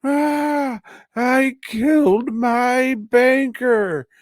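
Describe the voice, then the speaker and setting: A man doing a shrill panicked confessing man. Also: drawn-out words, no room sound, studio quality, exaggerated voice. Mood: frantic confessing. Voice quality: shrill strained falsetto. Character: panicked guilt-crazed adult man confessing.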